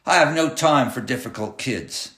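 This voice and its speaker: Expressive and forceful, this bright mid-range male voice is pushed up and delivered at normal speed. He portrays a cruel clown school-bus driver barking sneering, bossy threats in a menacing mood, with roomy echo on the recording.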